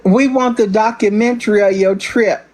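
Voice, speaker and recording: A woman's voice: mid-range voice, steady tone, normal speed, darkish tone, rough recording. A woman doing casual live-stream commentary to her viewers, sassy and mocking, often breaking into laughter. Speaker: livestream commentator.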